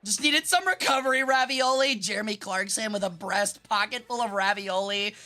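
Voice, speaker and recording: A young woman from Memphis chatting casually on a live stream while gaming, animated and quick to swear, laugh and shriek. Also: medium pitch, faint music behind. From Memphis, US South. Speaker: vtuber streamer.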